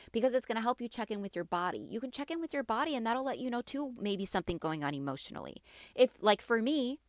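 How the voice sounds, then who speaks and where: A young adult woman hosting a wellness podcast, talking casually to mothers in a gentle, reassuring way, with many fillers and asides. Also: lowish voice, no echo, studio quality. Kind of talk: casual solo podcast talk.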